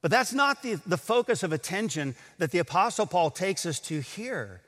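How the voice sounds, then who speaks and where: A man preaching a sermon to a congregation, emphatic, slowing down to stress scripture quotes. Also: high-pitched, big pitch swings, fairly bright tone, long reverb tail. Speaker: pastor. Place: large auditorium.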